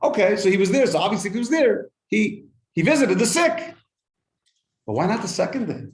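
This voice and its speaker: The room is echoey as this male rabbi, high-voiced and fairly quick, teaches a lively Torah class to a group present with him. Along the way he shares stories, poses rhetorical questions, and renders Hebrew quotes into translation.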